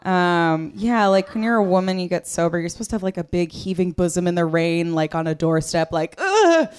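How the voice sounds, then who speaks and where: A woman comic doing a stand-up set with a dry, deadpan, self-mocking delivery, on a live comedy stage into a handheld mic. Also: fairly low pitch, brisk, smooth.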